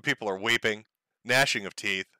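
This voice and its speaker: A man's voice: lowish voice, normal speed, sharp tone, smooth, no room sound. A man hosting a stream, giving sarcastic, profane commentary on a video clip. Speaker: stream host.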